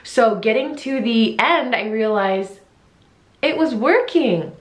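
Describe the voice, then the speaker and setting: Young woman vlogger, excitable and giggly, a bit high, recorded in an echoey room. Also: slow. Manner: excitable, giggly, squealing highs. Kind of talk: casual reaction vlog.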